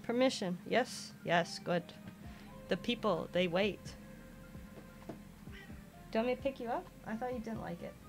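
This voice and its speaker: A woman's voice: a little high, measured pace, long pauses, soft background music. A woman streaming from her home desk in a casual chat, coaxing her cat in a sing-song voice. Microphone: desk microphone.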